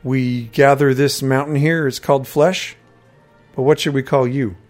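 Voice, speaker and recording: A man's voice: mid-range voice, fairly even intonation, unhurried, soft background music, natural voice. A man voicing a cold, serious male adventurer in a fantasy audiobook, speaking curtly and evenly. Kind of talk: audiobook character voice.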